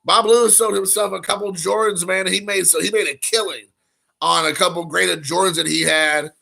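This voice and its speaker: Gravelly, rambling male stream host. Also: sits high, steady tone, moderate pace, bright, forceful tone. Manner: rambling, frequent fillers, reads chat aloud. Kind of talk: casual live stream chat.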